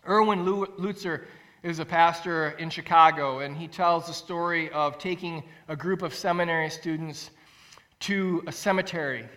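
Bright-voiced male pastor preaching. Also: on the high side, normal speed. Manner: animated storytelling, acts out quotes with rising voice; earnest, repeats phrases for emphasis. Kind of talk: sermon.

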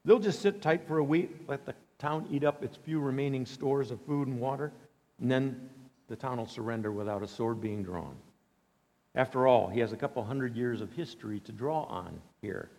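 Animated preacher in a reverberant hall. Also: male voice, mid-range voice, moderate pace. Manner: animated, dramatic storytelling with acted-out quotes. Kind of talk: storytelling sermon.

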